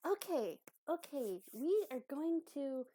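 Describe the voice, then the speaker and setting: A woman's voice: sits high, sing-song, slow pace, dark tone, no room sound, clean studio sound, voice pushed up, exaggerated voice. A woman voicing a kind, helpful female tiny tailor who explains things eagerly and patiently. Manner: eager, chatty, patient teacher.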